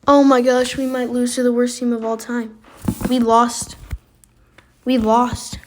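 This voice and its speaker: A woman giving casual, excitable commentary while playing a basketball video game, reacting aloud as she goes. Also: fairly high pitch, measured pace, slight background noise. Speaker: gaming video creator.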